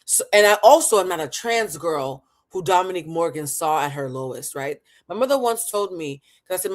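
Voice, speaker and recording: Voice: medium pitch, lively intonation, a little fast, few pauses. Impassioned livestream host, emphatic. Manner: emphatic, impassioned, calls listeners honey and baby. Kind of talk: live commentary talk show.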